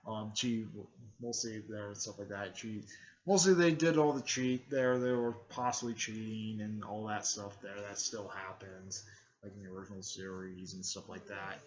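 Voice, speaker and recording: A man's voice: fairly low pitch, steady tone, normal speed, highs cut off. A man casually recapping an anime fan story, rambling with many fillers and restarts. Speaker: video host.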